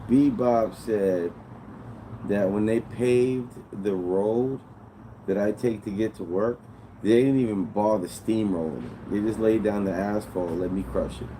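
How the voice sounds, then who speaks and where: A man's voice: on the low side, unhurried, warm tone, a little hiss or hum, low-quality recording. A man livestreaming to his viewers, rambling in an aggrieved way and swearing a lot. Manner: aggrieved, rambling and heavily profane. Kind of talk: casual livestream chatter to viewers.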